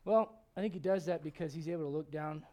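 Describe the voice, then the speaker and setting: A middle-aged male pastor preaches with a high-pitched voice, joking and asking question after question. He swings from quiet, low musings to loud, rising points. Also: quick pace. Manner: humorous, many rhetorical questions. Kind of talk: sermon.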